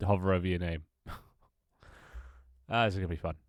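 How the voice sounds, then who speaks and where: Here the congested man's low-pitched voice moves briskly over a dry, clean studio recording. Live-streaming his game development, he wanders from topic to topic, pokes fun at himself, and drops casual swear words.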